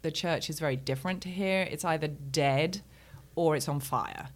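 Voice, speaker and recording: A woman's voice: low-pitched, normal speed. A middle-aged woman with a London English accent, a pastor speaking as a guest in a casual interview, earnest and full of ums. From England. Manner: earnest, warm-hearted storytelling with frequent ums.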